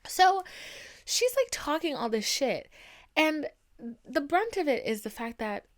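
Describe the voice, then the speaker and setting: A woman's voice: sits high, sing-song, a little slow. A young woman hosting a podcast, ranting casually in a blunt, profane way with lots of "like" fillers. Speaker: podcast host. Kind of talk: casual solo podcast rant.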